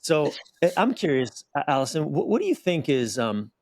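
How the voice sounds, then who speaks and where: Playful man host, gravelly edge. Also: a little high, very animated, normal speed, dry recording. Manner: playful, adds short affirmations. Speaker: podcast host. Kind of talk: casual interview chat.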